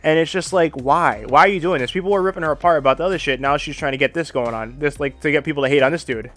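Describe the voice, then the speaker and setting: Exasperated swearing streamer, faint music. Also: male voice, a little high, fast talker, fairly bright tone. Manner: exasperated, profane, repetitive. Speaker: drama commentary streamer. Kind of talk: reading a script then ranting live.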